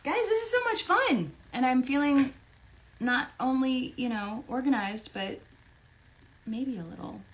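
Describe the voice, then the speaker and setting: Signing autographs during a casual livestream, this Tennessee voice actress talks playfully from her home beside her recording booth. She sounds high and animated but unhurried. Her desk mic gives a low-quality recording with faint background noise.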